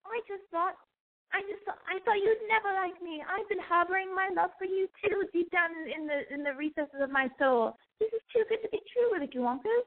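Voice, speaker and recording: A woman voicing a clueless, gushing English teenage boy with a high, exaggerated put-on English accent. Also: fairly quick. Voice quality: high, exaggerated, sing-song. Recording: tinny phone-like audio.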